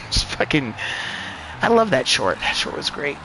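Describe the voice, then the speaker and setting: A man streaming a racing game live, talking in a rambling, profane and excitable way. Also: a little high, normal speed, background noise. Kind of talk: live gameplay commentary.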